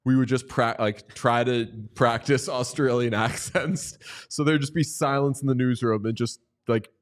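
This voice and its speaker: A man's voice: medium pitch, steady tone, moderate pace. A man co-hosting a casual hockey watchalong, joking around and telling stories. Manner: joking, storytelling, tries mock accents. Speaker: podcast co-host.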